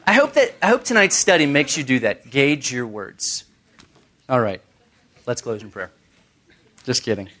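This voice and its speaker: A man's voice: medium pitch, expressive, moderate pace, long pauses, pushed and bright, slight background noise. Man, bible study teacher, conversational sermon, playful asides, quotes scripture.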